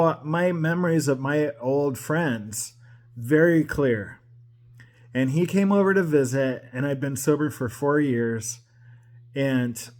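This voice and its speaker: A man's voice: medium pitch, darkish tone. A man in his forties from the Pacific Northwest, talking to camera in a personal monologue, emotional and rambling, with restarts and repeated phrases. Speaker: vlogger.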